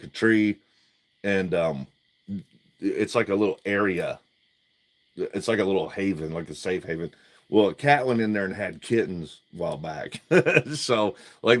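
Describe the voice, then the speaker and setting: Joking, loose-talking man on a livestream. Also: on the low side. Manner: joking, loose, swears casually. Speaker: livestream host. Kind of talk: casual livestream chat. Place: outdoors at home at night. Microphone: phone propped up.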